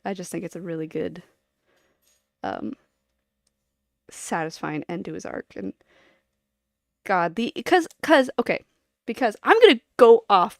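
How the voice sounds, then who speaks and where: A woman's voice: medium pitch, expressive, normal speed, no echo, studio quality. A woman streamer chatting casually to her viewers, rambling and giggling as she jumps from one topic to the next.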